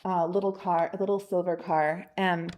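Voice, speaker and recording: Thirtyish woman telling a faith story to a church ladies group, lively, acts out the voices, lots of ums. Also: lowish voice, moderate pace. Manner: animated, acts out quoted voices, frequent fillers. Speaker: missionary speaking at a ladies' ministry. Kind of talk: casual storytelling testimony.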